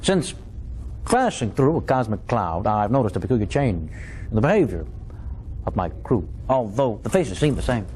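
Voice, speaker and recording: A man's voice: lowish voice, sing-song, moderate pace, darkish tone, slight background noise, low-quality recording. An actor impersonating a starship captain in a manic, twitchy way, breaking the words into clipped phrases. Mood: manic solemn.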